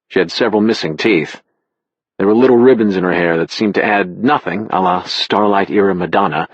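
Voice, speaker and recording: A man narrating an audiobook in the first person with a wry, expressive delivery. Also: deep voice, husky, dry recording, lo-fi sound.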